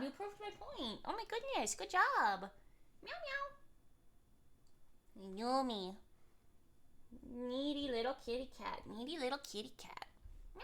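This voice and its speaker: Woman streamer, bright and bubbly, giggles a lot, coos at her pets. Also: mid-range voice. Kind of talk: casual live-stream chat.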